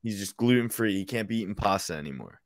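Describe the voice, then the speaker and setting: Dry, teasing podcast co-host. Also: male voice, expressive, fast. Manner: dry, teasing interjections with a low-key laugh. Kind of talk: casual sports betting chat.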